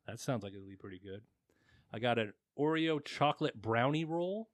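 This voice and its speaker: A man co-hosting a podcast in casual chat, rambling through lists and trailing off quietly. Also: mid-range voice, lively intonation, moderate pace, no echo. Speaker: podcast co-host.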